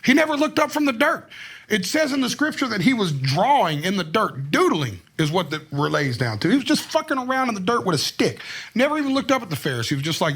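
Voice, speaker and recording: A man with a husky, breathy voice that sits high and swings widely up and down. He talks casually and profanely, leaning into each story with plenty of energy. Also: big pitch swings, quick pace, a bit bright. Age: adult, married. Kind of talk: casual chat.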